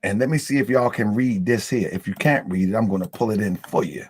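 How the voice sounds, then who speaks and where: A man's voice: on the low side, brisk, husky, no echo. Male host, live-stream chat, loose and repetitive, dry close sound. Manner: loose, repetitive, talks the audience through the screen. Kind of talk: casual live-stream talk.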